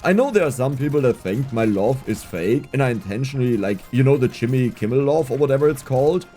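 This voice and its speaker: A man giving casual gameplay commentary, excitable and laughing often, with a strained, scratchy voice. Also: mid-range voice, quick pace, soft background music. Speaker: gaming YouTuber.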